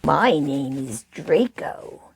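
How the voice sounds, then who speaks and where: A woman voicing a proud fire-breathing dragon puppet in a lowered, drawn-out voice. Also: expressive, creaky, breathy edge, full character voice. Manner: slow, lowered and grand.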